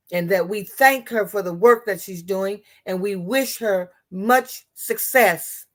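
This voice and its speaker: A woman's voice: mid-range voice, a bit bright. A woman giving impassioned political commentary, blunt and profane, often restarting her sentences.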